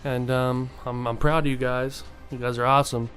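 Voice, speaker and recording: A man's voice: medium pitch, little pitch movement, normal speed, fairly bright tone, soft background music. A young man talking casually and earnestly to his viewers, rambling with many fillers and restarts. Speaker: vlogger. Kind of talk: casual motivational monologue.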